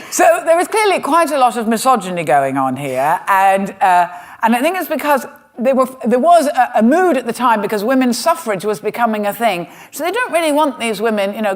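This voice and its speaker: A woman comedian telling a history story on stage with wry, sarcastic asides. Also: mid-range voice. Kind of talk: stand-up storytelling talk. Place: stage in a museum.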